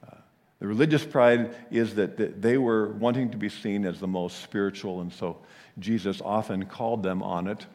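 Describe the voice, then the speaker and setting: A man preaching a sermon, telling the story with animated delivery and frequent chuckles. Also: on the low side, normal speed, long reverb tail.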